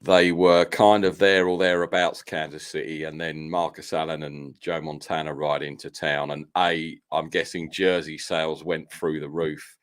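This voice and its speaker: Deep-voiced man hosting, hesitant. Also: flat delivery, normal speed, few pauses. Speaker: host. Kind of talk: interview questions.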